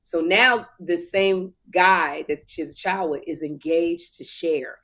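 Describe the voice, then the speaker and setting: Woman in her thirties, lively storyteller. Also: on the low side, measured pace. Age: 30s. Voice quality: animated storyteller who slips into impressions. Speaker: podcast co-host. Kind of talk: casual chat.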